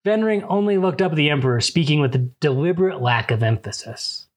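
Lively breathy man retelling a book. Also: on the high side, fairly quick, hardly any pauses. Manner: lively, joking asides. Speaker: podcast host. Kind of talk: casual book retelling with commentary.

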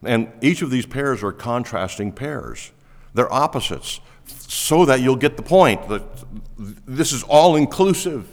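A man preaching a sermon to a congregation, swinging between loud, rising appeals and quiet, low asides. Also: animated, measured pace. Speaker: pastor. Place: church sanctuary. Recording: long reverb of a large hall.

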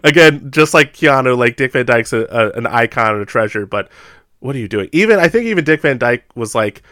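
American man, chatty film talk, laughs a lot, mid pitch, dry mic. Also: brisk, no room sound. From United States. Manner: animated, laughing often, acting out quotes in funny voices. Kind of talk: casual chat.

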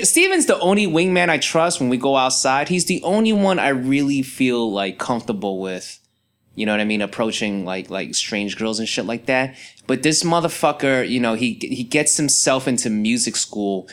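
A man's voice: mid-range voice, a bit bright. A young man hosting a podcast, ranting in a casual, profane, mock-angry monologue. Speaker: podcast host.

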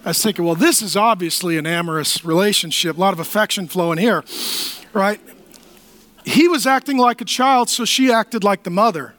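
A man's voice: high-pitched, fairly quick, fairly bright tone. A man preaching a sermon as pastor, conversational and jokey, acting out little quoted exchanges.

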